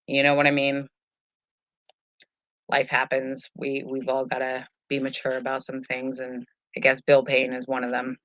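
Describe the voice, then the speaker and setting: Low-voiced woman chatting on a live stream. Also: monotone, moderate pace, fairly bright tone, a little hiss or hum. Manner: chatty, rambling, easygoing. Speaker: tarot reader, live stream host. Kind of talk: casual live stream chat. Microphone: webcam.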